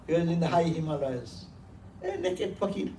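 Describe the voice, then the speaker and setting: A male monk delivers a sermon, hammering points home through repetition and laughing his way through the stories. His voice is high for a man and mellow in tone. It comes from a distance in a roomy hall, with faint noise underneath. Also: sing-song, normal speed. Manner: emphatic, repeats words, laughs while telling stories. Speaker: monk giving a talk.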